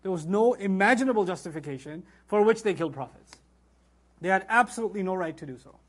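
A man giving an animated religious lecture on scripture, asking rhetorical questions and quoting Arabic verses as he teaches. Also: high voice, quick pace. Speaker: Quran teacher.

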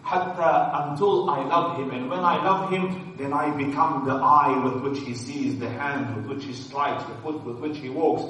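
Male preacher, lively storyteller swinging loud and soft, heard from afar in a big reverberant hall. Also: mid-range voice, normal speed, hardly any pauses. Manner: animated storytelling, rising to loud calls and dropping to soft asides. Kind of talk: sermon. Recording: distant mic in an echoey hall.

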